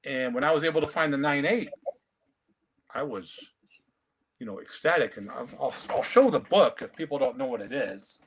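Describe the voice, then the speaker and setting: A man, telling stories in a casual, animated way on a video call. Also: medium pitch, normal speed, a little hiss or hum. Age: 50s. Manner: storytelling, animated. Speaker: comic collector guest. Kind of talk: casual chat.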